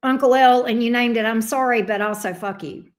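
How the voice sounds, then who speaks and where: This middle-aged woman, a tarot reader, hosts a livestream where she reads viewer comments and chats with them casually, bluntly and sassily, swearing freely. Her voice is fairly high and she talks a little fast.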